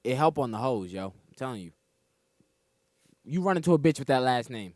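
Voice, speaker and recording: A man's voice: medium pitch, animated, brisk, darkish tone, no room sound, studio quality. A man co-hosting a casual sports betting chat, joking and full of slang. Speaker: comedian co-host.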